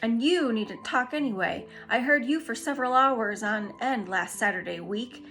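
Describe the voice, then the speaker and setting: Shrill grumbling old starling, as a woman puts him on. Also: moderate pace, fairly bright tone, faint music behind. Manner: brusque and grumbling. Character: shrill busy old male starling, gruff and cheeky.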